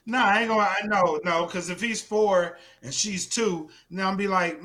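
A man's voice: sits high, normal speed, few pauses, bright, forceful tone. A man co-hosting a comedy podcast, ranting and mock-scolding with plenty of swearing in casual chat. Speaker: podcast co-host.

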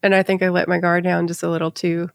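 A woman co-hosting a nursing podcast, telling a candid story in casual chat and halting at the emotional parts. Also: fairly low pitch, level tone, vocal fry, dry recording. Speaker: nurse podcast co-host.

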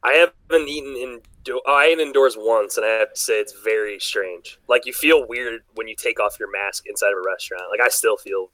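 A man in casual chat with friends, speaking quickly and plainly. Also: lowish voice, sharp tone, no echo, low-quality recording.

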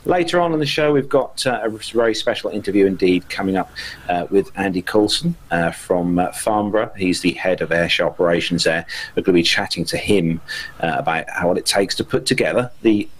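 A British man hosts a casual podcast in an easygoing, chatty way. His voice sits a little low. He runs through names and segments with relaxed energy. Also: brisk, breathy edge, low-quality recording. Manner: chatty, reads out listener names. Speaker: podcast host.

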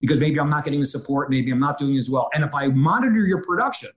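Middle-aged man, executive guest, energetic and animated, acts out dialogue. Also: on the high side, quick pace. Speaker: real estate executive. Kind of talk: conversational interview.

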